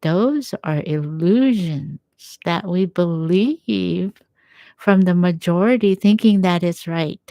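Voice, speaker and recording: A woman giving a gentle, encouraging faith talk at home, quoting scripture as she reflects. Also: on the low side, slow pace, gravelly, no echo. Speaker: faith speaker.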